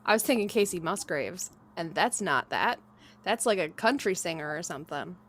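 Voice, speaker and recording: A woman's voice: on the low side, expressive, moderate pace, a little hiss or hum. A woman co-hosting a casual podcast chat, laughing easily as she reads out short spooky stories. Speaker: podcast co-host.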